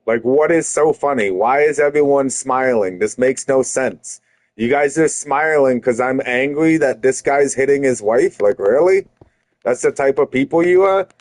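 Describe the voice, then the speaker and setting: A man's voice: medium pitch, moderate pace, dry recording. Heated, profane man telling a story. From Canada. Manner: heated, profane, rising to shouted retorts. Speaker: streamer. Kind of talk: angry storytelling.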